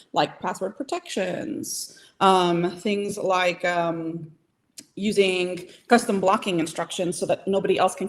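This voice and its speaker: Casting note: woman trainer, mid-pitched voice, punchy and motivational, keeps asking "okay?". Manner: emphatic, coaching, keeps asking "okay?" and "right?"; direct and motivational, speeds up and slows down. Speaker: AI trainer for small business owners. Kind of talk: live training talk.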